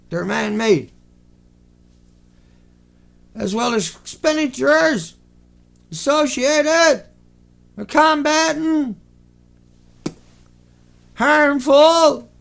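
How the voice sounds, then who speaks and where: A man hosting an online show, talking in a sarcastic, mocking commentary style with animated asides. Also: sits high, gravelly.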